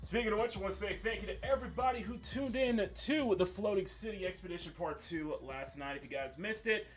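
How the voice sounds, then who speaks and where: Young male streamer host, fairly high voice, loose rambling chat, soft game music underneath. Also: brisk. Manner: chatty, rambling, with frequent fillers and restarts. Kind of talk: casual livestream chat. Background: faint menu music.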